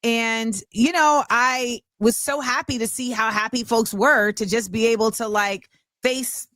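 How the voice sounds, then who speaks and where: A woman hosting a casual talk show, telling stories in an animated way and acting out what people said. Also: fairly high pitch, a little slow, no echo. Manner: animated storytelling, acts out quotes. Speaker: host. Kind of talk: casual chat.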